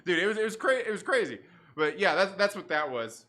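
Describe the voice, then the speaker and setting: A man's voice: high-pitched, very animated, fairly quick, pushed and bright. A man hosting a casual livestream, rambling and swearing with lots of "like" and restarts, laughing often. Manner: rambling, profane, many likes and restarts; laughs often while talking. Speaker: livestream host.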